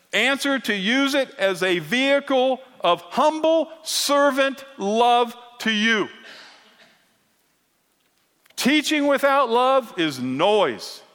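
A man preaching a sermon as pastor, emphatic and earnest, at times growing quiet and emotional. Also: high voice. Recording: long hall reverb.

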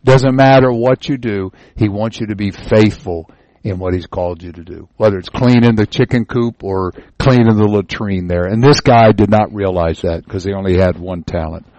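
A man's voice: on the low side, normal speed, darkish tone, no echo, low-quality recording. Folksy male Bible teacher, dry sound. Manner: folksy storytelling, repeats words. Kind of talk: informal Bible lesson.

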